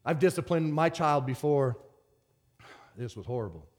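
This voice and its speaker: A man preaching a sermon as pastor, swinging from shouted excitement to quiet earnest talk. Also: mid-range voice, moderate pace.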